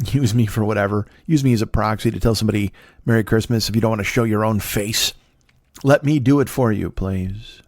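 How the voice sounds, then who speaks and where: A man's voice: lowish voice, a little fast, darkish tone, no echo. Man, 50s, comic podcast host; swears freely, mocks himself, drifts off topic, close dry sound. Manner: profane, self-mocking, wandering asides. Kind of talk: rambling solo comedy podcast.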